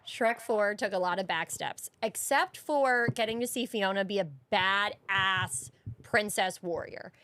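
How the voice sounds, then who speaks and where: A woman's voice: mid-range voice, unhurried, pushed and bright, no echo. A woman co-hosting a podcast in casual chat, eager and enthusiastic. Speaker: podcast co-host.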